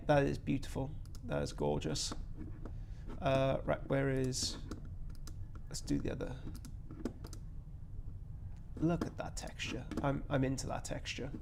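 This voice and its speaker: A man's voice: a little high, vocal fry, darkish tone, a little hiss or hum. A man hosting a casual live stream, rambling and joking at his own expense while he mutters through his work. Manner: rambling, self-deprecating, mutters to himself while working. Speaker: live stream host building miniatures.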